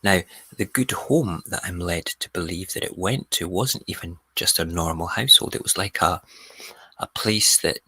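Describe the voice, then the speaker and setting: A man hosting a radio show, telling a story in a casual, animated way. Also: low voice, normal speed, husky, no echo. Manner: animated storyteller, mimics people. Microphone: close studio mic.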